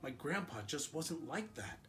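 A man's voice: on the high side, sing-song, measured pace, a bit bright, faint music behind, voice pushed up. A man reading aloud, voicing a troubled, defiant young schoolboy in a raised, pleading way. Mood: upset.

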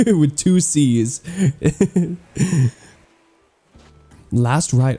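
A man giving excitable, gushing gameplay commentary as he tours a game island, cracking playful puns. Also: medium pitch, very slow, long pauses, faint music behind. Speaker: gaming YouTuber touring an island.

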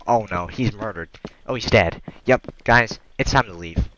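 A man giving crude, profane let's-play commentary on a horror game, joking and yelling when scared. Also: lowish voice, expressive, measured pace, noisy background. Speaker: gamer playing a horror game.

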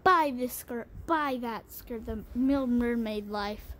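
A woman's voice: a little high, slow, fairly bright tone, a little hiss or hum. A woman chatting through a game tutorial, gushing over items and complaining dramatically. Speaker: gaming channel host. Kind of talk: casual game tutorial chat.

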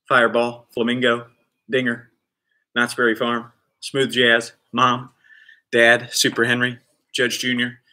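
A man leading a live online kids' PE class, cheering kids on and counting reps with playful energy. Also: medium pitch. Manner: shouts with excitement during exercises. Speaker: kids PE coach.

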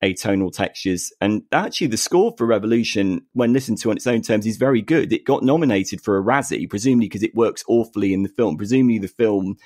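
A man co-hosting a podcast, chatting about film music in an animated way and often restarting his sentences. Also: on the low side, fast, hardly any pauses, no echo. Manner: animated, frequent restarts and repeated words. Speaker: podcast co-host. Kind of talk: casual film music discussion.

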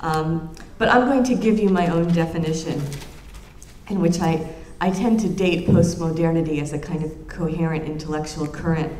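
A low, mellow-voiced woman delivers an academic lecture, earnest and reflective, pausing to restart her phrases as she thinks aloud. Her voice carries through a roomy lecture room with a faint hum of ambience behind it. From United States.

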